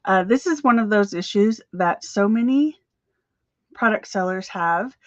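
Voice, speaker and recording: A woman's voice: mid-range voice, animated, unhurried, dry recording, highs cut off. A woman coaching crochet sellers in a chatty, upbeat live stream, with fillers and little laughs. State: slightly out of breath.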